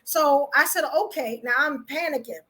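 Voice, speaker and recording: Casting: young woman podcast host, high and bright voice, chatty storyteller who laughs a lot. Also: moderate pace. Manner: animated, laughs often, many fillers.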